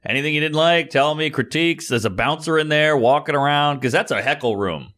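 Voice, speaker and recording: A man with a slightly high voice tells stories in a loose, casual chat. He gets animated and slips into voices for the people in his tales. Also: brisk. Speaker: comedian, podcast co-host.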